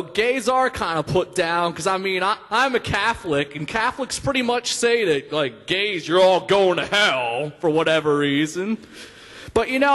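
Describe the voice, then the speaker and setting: Young man, stand-up comedy, high-pitched, rambling, giggly, hall echo. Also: fairly bright tone. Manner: rambling, laughs at own jokes, filler-heavy. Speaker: stand-up comic. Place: stage in a hall. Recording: long hall reverb.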